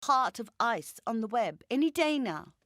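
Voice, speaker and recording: A woman reading aloud, voicing a brash, self-absorbed woman who talks loudly and demands attention. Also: fairly high pitch, sing-song, moderate pace, dry recording, clean studio sound, voice pushed up. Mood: pushy. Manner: loud, cursing, demanding. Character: brash, pushy middle-aged woman, self-absorbed novelist.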